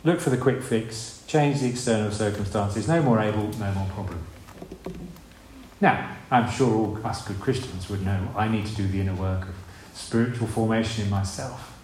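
A man's voice: lowish voice, moderate pace, darkish tone, slight background noise. A man preaching a sermon in a conversational way, asking rhetorical questions and acting out voices. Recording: echoey room with faint ambience.

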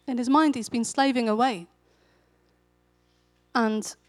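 Woman giving a sermon, chatty storytelling, higher voice, dry close sound. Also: takes it slowly, no echo. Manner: conversational storytelling, animated when quoting. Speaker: preacher.

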